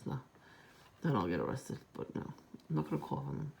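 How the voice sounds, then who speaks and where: A woman's voice: rumbling low, big pitch swings, brisk, creaky, a little mellow. A woman with a stuffed-up, congested voice, rambling and swearing through a casual vlog rant. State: congested, nasal from a cold. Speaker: vlogger.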